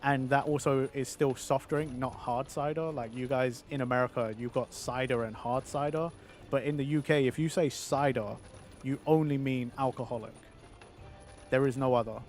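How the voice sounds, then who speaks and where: A man's voice: medium pitch, fairly even intonation, normal speed, a little mellow, soft background music. A male streamer chatting casually on a livestream, reading viewer messages aloud and answering them.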